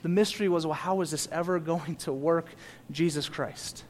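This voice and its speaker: A young man preaching a sermon with a fairly high voice. He drops to quiet, almost conversational asides, then builds to loud, emphatic repeated phrases for the congregation. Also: fairly even intonation, normal speed. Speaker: pastor.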